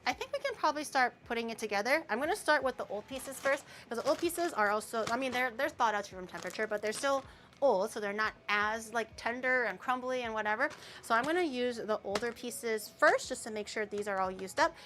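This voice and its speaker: A woman streamer talks casually and rambles while she bakes. Her voice sits a little high, and she laughs often. A faint hiss lies under the stream audio. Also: lively intonation, brisk, a bit bright. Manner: chatty, rambling, laughs often, exclaims and mimics. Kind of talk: casual live-stream chat while baking.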